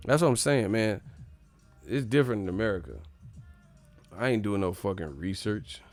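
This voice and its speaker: A man's voice: fairly low pitch, moderate pace, faint music behind. A man hosting a casual live stream, ranting in a joking, profane, mocking way.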